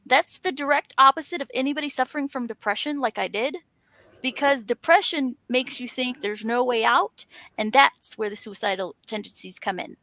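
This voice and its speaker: A woman's voice: high voice, moderate pace, pushed and bright, no echo. A woman talking in an earnest, encouraging way, stacking up emphatic lists. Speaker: author and panel host. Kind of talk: motivational casual chat.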